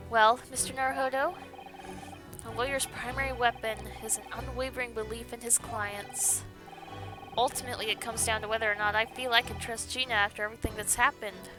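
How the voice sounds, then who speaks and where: A woman's voice: on the high side, fairly even intonation, a little fast, over music, lightly acted. A woman voicing a poised young Japanese female assistant who speaks politely and formally. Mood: composed. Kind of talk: game dialogue read aloud.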